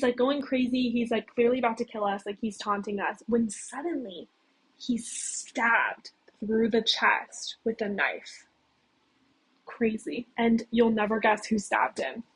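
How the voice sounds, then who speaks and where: A woman's voice: a little high, animated, slow, pauses often, breathy edge, low-quality recording. A young woman casually recapping a game story on a cheap mic, chatty and full of filler words. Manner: chatty, leans heavily on "like" and "okay?".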